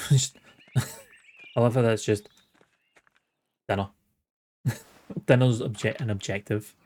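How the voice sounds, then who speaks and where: A man's voice: lowish voice, steady tone, takes it slowly, a little mellow. A man in his late thirties, streaming a game with wry, sweary chatter, reading its dialogue aloud. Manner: sweary, wry, chuckling asides. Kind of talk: casual let's-play commentary, reading game dialogue aloud.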